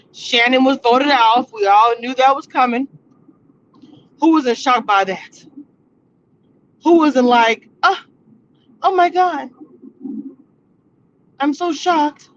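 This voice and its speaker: A woman hosting a casual livestream about a reality show, talking in animated slang and laughing often. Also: fairly high pitch. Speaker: entertainment reality-show review host. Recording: slightly muffled livestream audio.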